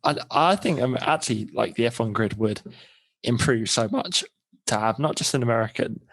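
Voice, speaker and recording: A man co-hosting a podcast in casual chat, adding dry, deadpan quips. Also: mid-range voice, normal speed, gravelly. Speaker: podcast co-host.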